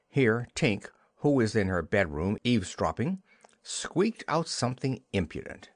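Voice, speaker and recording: A man narrating a classic children's storybook in an expressive, unhurried way. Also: on the low side, husky, no room sound, clean studio sound. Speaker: audiobook narrator.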